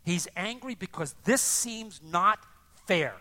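Older male pastor, conversational sermon, high and bright voice. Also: a little slow. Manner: animated, conversational, acts out voices.

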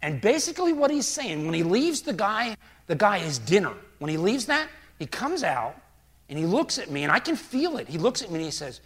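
An older male pastor preaching a sermon through a story, animated and acting out quotes as he goes. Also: high-pitched, fairly quick.

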